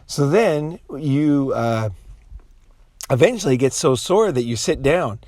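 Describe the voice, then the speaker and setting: A man's voice: mid-range voice, animated, takes it slowly, a little mellow, dry recording, clean studio sound. A man in a casual, profane monologue who rambles, restarts often and puts on voices when he quotes people. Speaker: commentator.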